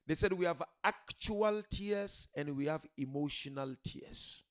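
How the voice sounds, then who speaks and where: In a measured sermon to a gathering, a man whose voice sits on the high side swings from quiet pleading to loud, shouted emphasis. He leans on rhetorical questions and repeats key words.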